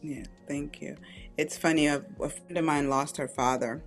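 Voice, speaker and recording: A middle-aged woman, an author and podcast guest, telling candid personal stories in an animated way, acting out quoted voices and laughing often. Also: sits low, normal speed, soft background music. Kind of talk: candid conversational storytelling.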